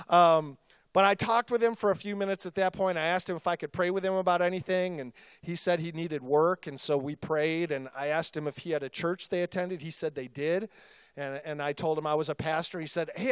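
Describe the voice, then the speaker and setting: High, clear-voiced pastor telling a story. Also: male voice, dry recording, clean studio sound. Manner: conversational, self-deprecating, animated storytelling. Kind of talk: sermon storytelling.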